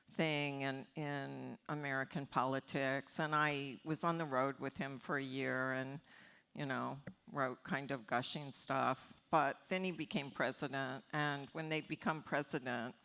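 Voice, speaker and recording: Older woman columnist, bright and animated, telling stories on stage with laughs. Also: low-pitched, creaky. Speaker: interview guest, columnist. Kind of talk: anecdotal storytelling on stage.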